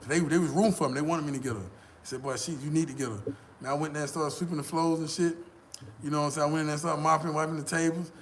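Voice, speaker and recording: An American man vlogging, telling a boastful, profane story in a casual, animated way. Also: a little high, racing, slight background noise.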